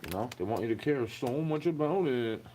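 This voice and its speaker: A man's voice: mid-range voice, animated, fairly quick, dark tone, a little hiss or hum. A man in a recorded monologue, ranting with profanity and firing off rhetorical questions.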